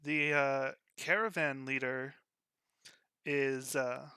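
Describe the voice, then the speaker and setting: A man voicing a modest young woman hired as a caravan guard, who speaks hesitantly and politely with many pauses. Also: mid-range voice, fairly even intonation, bright, forceful tone, clear, resonant tone, no echo, studio quality.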